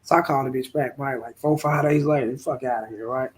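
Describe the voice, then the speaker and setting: A man's voice: mid-range voice, steady tone, fairly quick. A man in his forties telling a rambling, profane, slangy story straight to the camera. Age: 40s. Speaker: vlogger. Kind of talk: casual storytelling monologue.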